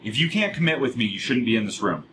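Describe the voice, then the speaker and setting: Fired-up man pitching to a room. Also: expressive, fairly bright tone, a little hiss or hum, rough recording. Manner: fast, worked-up, asks the audience questions. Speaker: sales workshop presenter. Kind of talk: live motivational sales pitch to a room. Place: room with a live audience.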